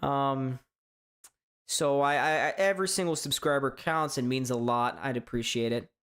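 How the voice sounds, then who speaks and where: A man from hosting a live sports reaction stream, chatting casually in a strained, hoarse voice, rambling and stammering through restarts. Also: mid-range voice, normal speed, a bit bright. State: voice straining from shouting. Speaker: sports fan livestream host.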